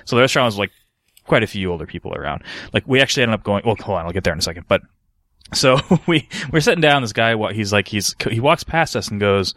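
A man's voice: lowish voice, lively intonation, fast, a bit bright, no echo, clean studio sound. A man from Canada, a podcast co-host, telling a rambling story in casual chat, swearing freely.

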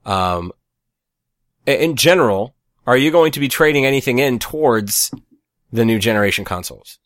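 A man's voice: medium pitch, normal speed, dry recording. Male podcast co-host, easygoing chat, dry close-miked sound. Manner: relaxed, laughs easily, reads out show plugs.

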